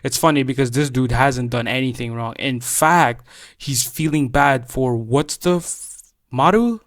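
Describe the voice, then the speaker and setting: A man's voice: mid-range voice, measured pace, no room sound, studio quality. A young man giving a casual anime reaction, ranting heatedly with swearing, stammered restarts and repeated phrases for emphasis.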